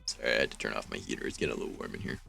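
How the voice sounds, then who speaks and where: A man's voice: very deep voice, racing, vocal fry, pushed and bright, faint music behind. A man streaming, reading fanfiction aloud and rambling about it with wry, self-mocking asides.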